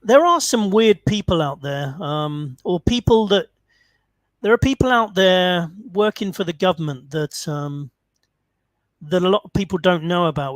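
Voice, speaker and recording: Man, high voice, dry sound, rambling anecdotes, lots of ums. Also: no echo. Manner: rambling, many fillers and restarts. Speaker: call-in show host. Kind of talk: casual storytelling.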